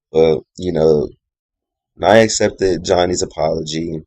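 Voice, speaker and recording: A man with a low, husky voice talks through a reality show episode in a casual video review. He rambles, airs strong opinions, and leans on filler words. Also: steady tone, a little slow, darkish tone, no echo. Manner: rambling, opinionated, heavy on "you know" and "like".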